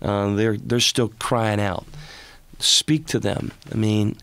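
Gravelly-voiced radio host man. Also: lowish voice, fairly even intonation, slow, a bit bright. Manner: probing, empathetic questions. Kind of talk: faith radio interview.

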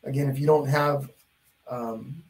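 A man teaching a live painting lesson step by step, chatting warmly with viewers and greeting them by name. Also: medium pitch, steady tone, measured pace, slightly rough. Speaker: painting instructor.

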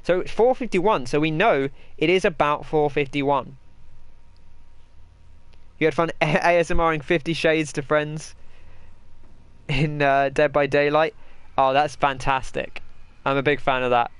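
A man's voice: a little high, steady tone, a little slow, smooth, no room sound. A man giving chatty, rambling gameplay commentary and answering his chat as he plays. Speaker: gaming host.

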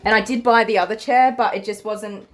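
A woman's voice: mid-range voice, fairly even intonation, fairly quick, fairly bright tone, poor audio. A woman dog groomer hosting a casual livestream from her salon, chatty and easily emotional.

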